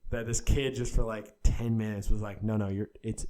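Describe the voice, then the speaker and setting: A man's voice: on the low side, level tone, moderate pace, mellow. A young man, co-hosting a podcast and telling a funny story in casual chat, laughing often. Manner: laughing storyteller, mimics a kid. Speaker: podcast co-host.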